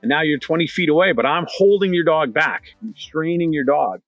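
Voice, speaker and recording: A middle-aged man teaching dog training in a lively conversational way, repeating his key points. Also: fairly high pitch, a little fast, dry recording. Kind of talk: instructional talk to camera.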